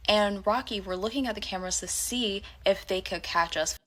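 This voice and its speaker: A woman's voice: medium pitch, moderate pace, fairly bright tone. A woman telling a personal work story in a candid, blunt and profane way. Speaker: storyteller in a reacted-to clip. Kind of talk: casual storytelling to camera.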